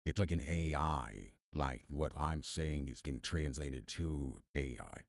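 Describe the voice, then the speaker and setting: A man speaking through an AI voice changer that turns him into a deep male narrator voice, chatting casually and fumbling over his words. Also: lively intonation, a little slow, gravelly, in a large hall, full character voice. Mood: amused. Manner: self-mocking, amused, fumbling over words. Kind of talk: casual live-stream chat.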